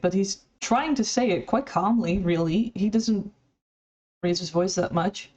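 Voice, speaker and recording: A woman's voice: medium pitch, a little mellow. A woman commenting critically on recorded clips in a conversational, somewhat hesitant way. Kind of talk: video commentary.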